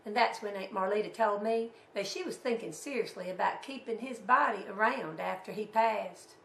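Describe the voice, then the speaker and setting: A hoarse woman with a Southern US accent hosting a radio show and telling wry, folksy family stories. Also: mid-range voice, moderate pace, fairly bright tone, reverberant. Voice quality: raspy. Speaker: radio host. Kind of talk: humorous radio storytelling.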